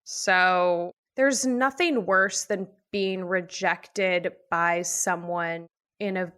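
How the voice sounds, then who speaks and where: A young adult woman, a podcast guest, telling a personal dating story in a frank, animated way. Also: fairly low pitch, extremely slow, clear, resonant tone. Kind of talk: casual storytelling interview.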